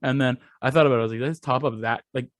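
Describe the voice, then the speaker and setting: Animated, swearing young man telling a story. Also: mid-range voice, very fast, no echo. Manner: animated, profane, acts out quoted voices. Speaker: podcast co-host. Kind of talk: casual storytelling chat.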